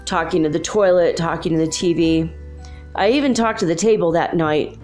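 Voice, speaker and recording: Rambling, deadpan woman storyteller. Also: lowish voice, moderate pace, soft background music. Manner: deadpan, rambling, with frequent laughs. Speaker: comedic storyteller. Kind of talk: comic monologue.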